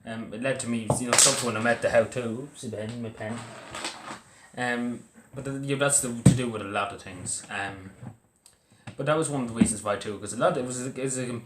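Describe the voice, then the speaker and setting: A young Irish man talking casually about his own school days, halting and full of fillers and restarts. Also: mid-range voice, heavy background noise. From Ireland. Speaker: vlogger. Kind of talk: casual personal talk to camera. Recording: echoey room.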